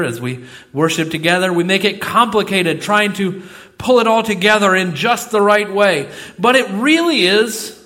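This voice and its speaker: A middle-aged man preaching from the pulpit in a church sanctuary. His voice is bright and forceful, pitched a little above the usual for a man. He swings between ringing exclamations and quiet, hushed asides. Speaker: pastor. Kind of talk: sermon.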